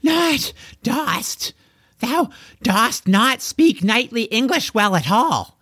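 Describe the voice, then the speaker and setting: Casting: man doing a cheeky twelve-year-old boy for a storybook, high and lively, strained. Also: slow pace, husky, dry recording, studio quality, full character voice. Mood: scolding.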